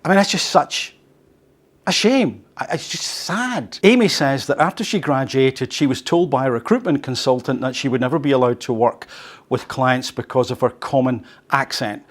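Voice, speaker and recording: A man hosting a learning show reads an article aloud at a medium pitch. He breaks off into lively, conversational asides. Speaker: podcast host teaching English. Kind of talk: reading an article aloud with commentary.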